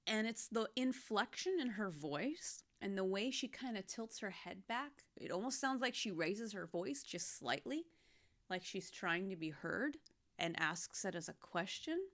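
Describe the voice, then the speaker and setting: A young woman chatting casually about a series she watched, heartfelt and expressive, moving between hushed and loud. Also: medium pitch, measured pace. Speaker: anime reaction vlogger. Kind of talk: casual recap chat.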